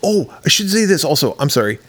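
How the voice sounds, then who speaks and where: A man's voice: a little high, very animated, quick pace, husky. A man co-hosting a podcast, casually retelling a horror movie's plot and acting out the characters' lines. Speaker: podcast co-host. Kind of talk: casual movie recap chat.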